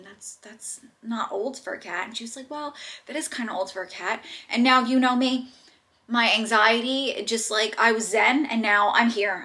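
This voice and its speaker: A woman's voice: a little high, pushed and bright. A woman vlogging at home, chatty and rambling as she talks about her week, and emotional as she goes. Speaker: lifestyle vlogger. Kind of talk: casual vlog chat.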